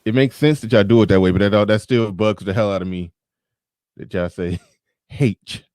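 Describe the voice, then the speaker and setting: A man's voice: lowish voice, moderate pace, a little mellow, no echo. A man hosting a casual livestream chat, rambling and often restarting his sentences, into a studio mic with a pop filter. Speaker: host.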